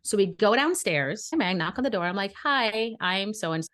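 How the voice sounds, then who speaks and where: Animated woman telling a story. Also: medium pitch, moderate pace. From Brooklyn. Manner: animated, indignant storytelling with acted-out dialogue. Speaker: podcast co-host. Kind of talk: casual storytelling chat.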